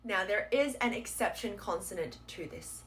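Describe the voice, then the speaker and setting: A woman's voice: mid-range voice, lively intonation, a bit bright. Patient woman teaching pronunciation. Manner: clear, patient explaining with slow model words. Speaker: Korean language teacher. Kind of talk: pronunciation lesson.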